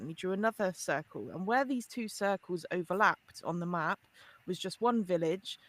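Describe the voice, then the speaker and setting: A middle-aged woman, a forensic linguist, telling an animated story as a podcast guest with frequent laughs and restarts. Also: fairly low pitch, a little fast. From United Kingdom. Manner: lively, laughs often, many restarts.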